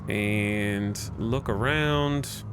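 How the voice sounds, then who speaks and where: A man's voice: lowish voice, drawn-out words, noisy background. A man streaming a video game, chatting casually with viewers in a rambling, jokey way and restarting his sentences often. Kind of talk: casual live-stream chat.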